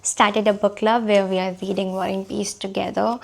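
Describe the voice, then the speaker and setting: A woman vlogging casually about her books, her voice hoarse from a cold, chatty and self-deprecating. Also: mid-range voice, level tone, moderate pace. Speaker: book vlogger.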